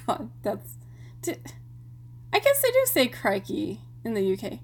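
A woman stepping out of a role to make casual, self-mocking remarks. Her voice is a bit high and moves around a lot in pitch. She speaks at an unhurried pace. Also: huge pitch swings, slightly rough. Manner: self-mocking, laughing at herself. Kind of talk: casual out-of-character asides.

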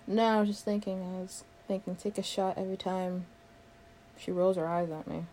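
A young woman with a mid-range, dark-toned voice speaks at a moderate pace with fairly even intonation, over slight background noise. In a one-sided role-play, she plays the listener's coworker on a shared project, sarcastic, exasperated, and swearing a lot.

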